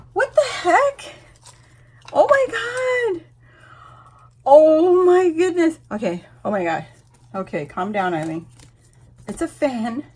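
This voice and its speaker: A woman in her forties from Guam, hosting a casual unboxing vlog at home, gushing, laughing often and close to tears with excitement. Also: fairly high pitch, husky. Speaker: YouTube host.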